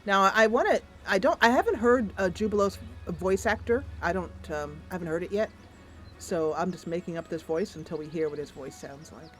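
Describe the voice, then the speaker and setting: A woman's voice: fairly low pitch, a little fast, soft background music. A woman narrating a voice-acted role-play of a computer game, with playful, laughing asides.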